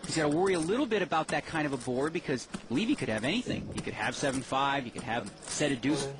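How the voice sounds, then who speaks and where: A man's voice: mid-range voice, lively intonation, fast, background noise. A man giving TV poker commentary, explaining the strategy behind each hand.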